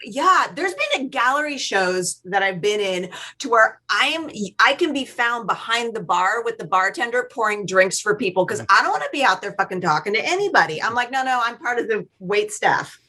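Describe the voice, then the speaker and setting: A woman's voice: fairly high pitch, sing-song, fairly quick, few pauses, pushed and bright, rough recording. A woman guest in a casual podcast conversation, talking candidly and swearing freely about herself.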